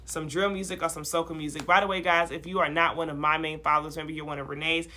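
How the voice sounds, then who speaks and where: A woman's voice: low voice, little pitch movement, quick pace, bright, forceful tone. A woman hosting a casual podcast, talking in an upbeat, playful, slangy way. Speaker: podcast host.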